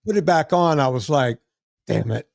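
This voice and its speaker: A middle-aged man hosting a podcast, telling a lively story and acting out the other people's lines. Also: on the high side, moderate pace, gravelly, no echo, clean studio sound. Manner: animated storyteller acting out quoted voices. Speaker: podcast host. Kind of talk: casual storytelling chat.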